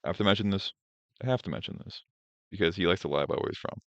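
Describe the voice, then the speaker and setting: A man's voice: low voice, lively intonation, racing, fairly bright tone, lo-fi sound, slight background noise. Blunt, ranting male streamer. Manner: blunt, profane ranting with restarts. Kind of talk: casual reaction commentary.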